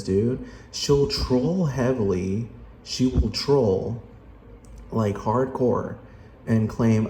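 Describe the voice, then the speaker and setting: A man's voice: medium pitch, measured pace, dark tone. A man giving ranting reaction commentary in a profane, exasperated way. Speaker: vlogger. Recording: roomy echo, faint background noise.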